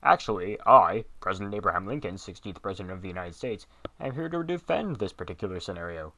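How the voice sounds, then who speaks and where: A man putting on a deep, booming fake president. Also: expressive, fast, a little hiss or hum, full character voice. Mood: pompous. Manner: pompous, declaiming loudly. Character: impostor posing as a famous male US president, pompous.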